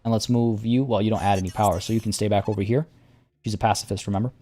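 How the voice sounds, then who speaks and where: A man's voice: fairly low pitch, rapid-fire, slight background noise. A man streaming a strategy game with casual, chatty commentary, talking to his units as he plays. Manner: relaxed, chatty, talks to units.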